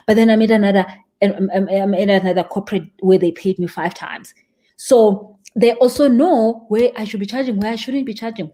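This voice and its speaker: A young woman coaching a live-stream audience, animated and emphatic, stressing points by repeating words. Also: medium pitch. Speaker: spiritual business coach.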